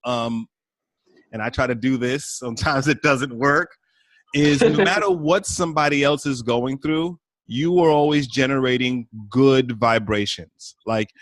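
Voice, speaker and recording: A man's voice: medium pitch, measured pace, dry recording. Upbeat male podcast host giving advice. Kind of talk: conversational interview.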